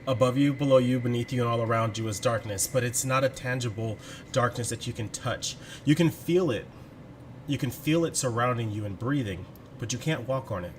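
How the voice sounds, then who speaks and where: A man narrating a tabletop game as its game master, laying out each scene in detail and slipping in jokes. His voice is of middle pitch, and clear background noise sits under his voice. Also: brisk. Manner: descriptive, jokey asides.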